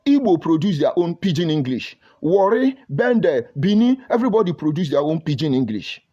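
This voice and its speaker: With a sing-song, slightly high voice, warm and edged with breath, a Nigerian-accented man holds forth at a moderate pace. He's a commentator delivering a heated, scolding monologue heavy on rhetorical questions, recorded in dull lo-fi audio.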